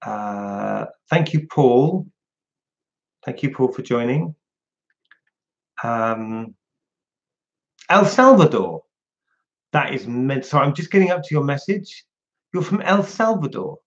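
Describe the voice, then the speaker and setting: A man's voice: mid-range voice, very animated, takes it slowly, long pauses, lo-fi sound. A man hosting a casual livestream, chatting and answering viewers' questions one by one. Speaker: livestream host.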